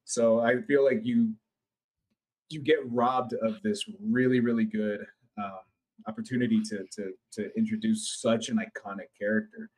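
A man co-hosting a gaming podcast in casual chat, rambling and excitable, swearing freely. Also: fairly low pitch, moderate pace, rough recording. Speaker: podcast co-host.

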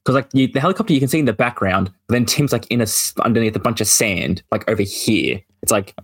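A man chatting casually on a podcast, laid-back, blunt and quick to laugh. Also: fairly low pitch, expressive, fairly bright tone, slightly rough. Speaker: podcast co-host. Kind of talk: casual chat.

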